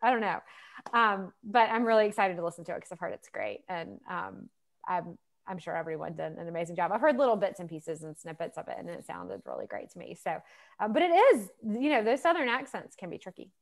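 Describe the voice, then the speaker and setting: On a video call, a woman author chats loosely in a casual interview, filling her speech with fillers and laughter. Her voice sits fairly low, with a sing-song lilt, a fairly quick pace and some creak.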